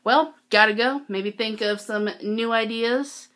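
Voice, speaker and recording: Bright, slow-talking giggly teen girl. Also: on the high side. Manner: giggly, excitable, peppered with "like". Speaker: vlogger. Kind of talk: casual storytelling vlog.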